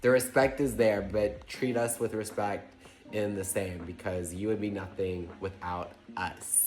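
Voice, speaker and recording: A man from Tennessee telling a storytime vlog in a chatty, animated way, with lots of "like". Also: fairly low pitch, unhurried. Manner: chatty, animated, heavy use of "like". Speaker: vlogger. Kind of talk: casual storytime chat. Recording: roomy echo with faint music.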